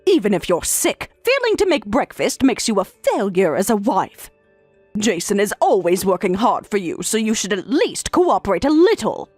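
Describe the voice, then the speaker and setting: A woman's voice: medium pitch, big pitch swings, moderate pace, a little mellow, breathy edge, no room sound, soft background music. Synthetic woman voice as a scolding mother-in-law. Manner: scolding, lecturing tone. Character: domineering older mother-in-law, scolding and proud of her son. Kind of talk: text-to-speech story reading.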